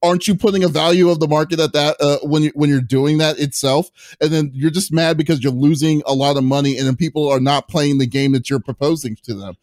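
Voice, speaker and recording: A man hosting a gaming podcast, chatting casually, halting with many fillers and restarts and laughing often. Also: on the high side, steady tone, darkish tone, dry recording, clean studio sound. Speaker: podcast host. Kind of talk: casual chat.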